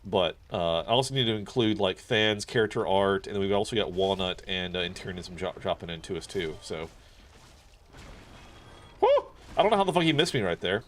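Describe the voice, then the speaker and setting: A man's voice: deep voice, animated, brisk, fairly bright tone, slight background noise. Rambling, swearing male game streamer. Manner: rambling, profane, many fillers. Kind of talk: casual chat while gaming.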